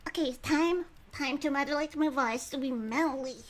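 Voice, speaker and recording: A woman's voice: high-pitched, normal speed, a bit bright, a little hiss or hum. A woman streamer chatting casually and giggling while she reads a game aloud between bites of dinner. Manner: chatty and giggly, eating and talking with food breaks.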